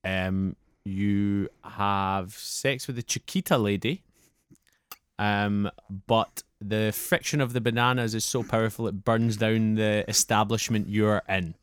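A comedian guesting on a podcast, deadpan and drawn-out in his guesses. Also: lowish voice, smooth, dry recording. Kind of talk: casual comedy podcast chat.

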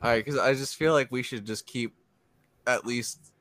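A man's voice: medium pitch, moderate pace, fairly bright tone, no echo. A man playing in a tabletop game, asking earnest, playful questions in character. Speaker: player. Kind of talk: tabletop role-play chat.

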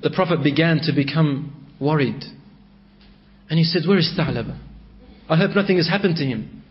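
A man telling a religious story in a dramatic, emotive way, on a dull recording. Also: high-pitched.

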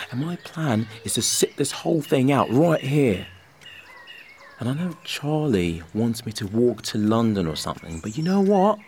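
A man's voice: medium pitch, darkish tone, slight background noise. A man playing a sarcastic, streetwise young city kid hiding out in the countryside. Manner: sarcastic, wry.

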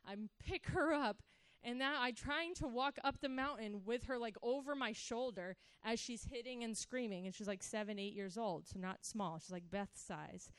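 A middle-aged woman telling a personal story in an animated way, acting out the voices she quotes. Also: a little high, normal speed, clean tone, dry recording. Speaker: speaker sharing a personal story.

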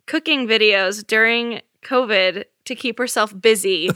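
Brief: female podcast co-host, bright clear voice, breezy filler-heavy chat, dry mic. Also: fairly high pitch, a little slow, no room sound. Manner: chatty, laughs often, lots of "like". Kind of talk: casual chat.

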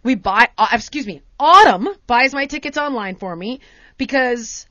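An American woman hosting a podcast, telling a story in a casual, animated way and acting out the exchanges in different voices. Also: a little high, normal speed, no echo. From United States. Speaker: podcast host. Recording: dry, dull lo-fi sound.

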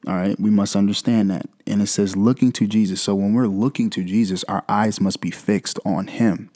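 A man's voice: fairly low pitch, steady tone, normal speed, dark tone. A young man hosting a devotional podcast, talking through scripture in a loose, conversational way with frequent "right?" asides. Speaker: podcast host. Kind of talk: casual devotional podcast talk.

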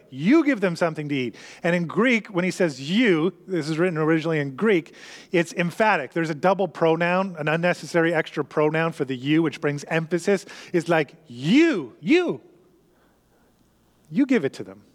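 Man, pastor, sermon, high voice, emphatic, earnest. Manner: earnest, emphatic teaching with repeated phrases.

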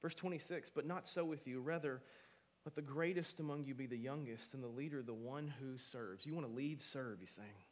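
Male pastor, preaching to a church, mid-pitched voice, swings between loud and soft. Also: normal speed. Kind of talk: sermon.

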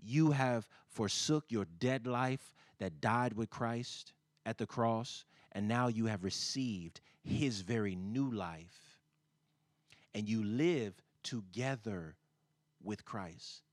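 A man delivering a sermon at a slow, deliberate pace. He repeats phrases for emphasis and climbs into loud, high-pitched exclamations when he reads scripture, then settles into soft, intimate talk. The recording is dry and close, with little room sound. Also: no room sound. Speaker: preacher.

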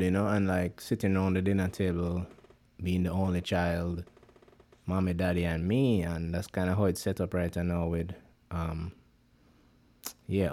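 A low, warm-toned man with a Jamaican accent co-hosts a podcast, chatting casually. His talk rambles in patois and is thick with fillers.

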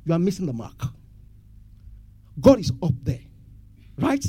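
A man's voice: high voice, big pitch swings, moderate pace, long pauses, warm tone, husky. A man preaching a sermon, asking the congregation questions and having them answer back. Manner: call-and-response questions to congregation. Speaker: pastor.

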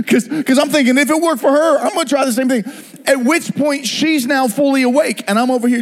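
A middle-aged man preaching a sermon, telling a personal story with animated storytelling and acted-out voices. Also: extremely high pitch, fairly quick. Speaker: pastor.

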